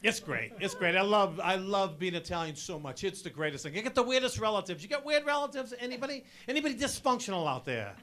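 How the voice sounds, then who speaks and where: A man doing stand-up comedy on stage, loud and punchy, talking to the crowd as folks. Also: high-pitched, sing-song, fast, few pauses, slight background noise. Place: stage before a live audience.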